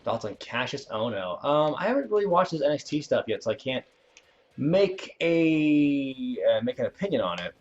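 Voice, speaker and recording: Over the dull audio of a lo-fi stream mic, a young adult male host rambles casually through a game livestream and answers viewers' questions. His medium-pitched voice is very animated, and he talks fast with few pauses, laid-back and chuckling.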